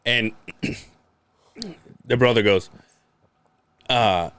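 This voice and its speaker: A man's voice: medium pitch, animated, drawn-out words, pauses often, a bit bright, smooth, dry recording. A man, a podcast co-host, telling a story in casual chat, acting out quotes, laughing and swearing freely.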